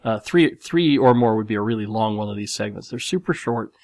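A podcast host tells a story solo on his own show, loose and rambling, with many restarts and asides. His fairly low, darkish voice moves quickly with lively intonation, and there's no echo.

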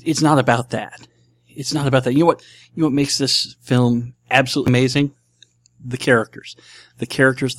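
A man's voice: medium pitch, no room sound, studio quality. A man from Nebraska hosting a casual solo podcast, enthusiastic and rambling, often repeating himself. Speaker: podcast host.

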